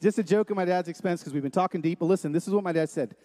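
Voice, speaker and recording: A man's voice: high-pitched, rapid-fire, warm tone. A man giving an emphatic, story-driven sermon-style talk to a live audience in a large room, repeating his key lines for weight. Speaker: speaker at a men's gathering. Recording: long hall reverb.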